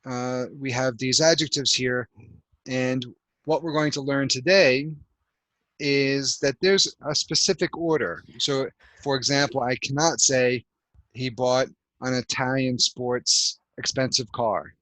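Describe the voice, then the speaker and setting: A man's voice: mid-range voice, steady tone, a little slow, a bit bright, no echo, rough recording. A man teaching an English grammar lesson over a video call, explaining patiently step by step with lots of fillers. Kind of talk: online language lesson.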